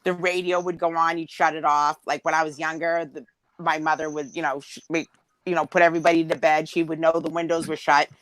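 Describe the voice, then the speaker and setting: Low-voiced woman telling a rambling story. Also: level tone, fairly quick, a bit bright, no echo, low-quality recording. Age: 40s. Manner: rambling, many fillers, acts out quotes. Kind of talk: casual storytelling chat.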